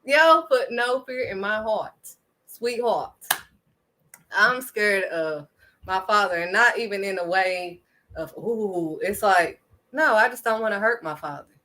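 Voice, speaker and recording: Emphatic, bright-voiced woman preaching faith. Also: medium pitch, a little slow, slight background noise. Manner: emphatic, preachy, punctuates points with "period". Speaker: faith vlogger. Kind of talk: impassioned faith talk.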